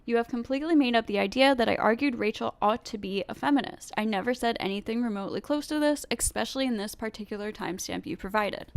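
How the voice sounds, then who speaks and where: A woman with a stuffy nose reading viewer comments aloud and giving her own measured replies, with fillers and pauses. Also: fairly high pitch, clear, resonant tone, dry recording. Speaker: commentary video host.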